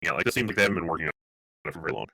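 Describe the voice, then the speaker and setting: A man's voice: sits low, expressive, rapid-fire, vocal fry, bright, forceful tone, dry recording, low-quality recording. A man narrating as game master in loose, rambling casual talk.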